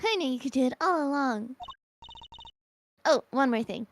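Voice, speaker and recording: A woman's voice: high-pitched, lively intonation, moderate pace, slight background noise, voice pushed up. A woman voicing a bubbly teen girl magician. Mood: chirpy. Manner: bubbly, mischievous. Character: cheeky teenage girl magician. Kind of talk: fan voice acting of a game.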